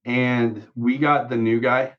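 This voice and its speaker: Animated man telling a band story. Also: mid-range voice, slow, dull audio. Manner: animated, swears, acts out quotes. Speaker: guest musician. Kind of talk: casual podcast storytelling.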